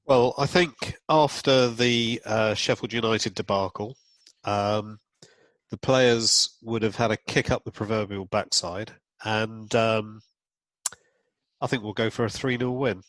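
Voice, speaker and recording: A man co-hosting a podcast, speaking in a relaxed and brief way. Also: lowish voice, unhurried, dry recording, rough recording. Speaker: podcast co-host. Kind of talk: casual podcast chat.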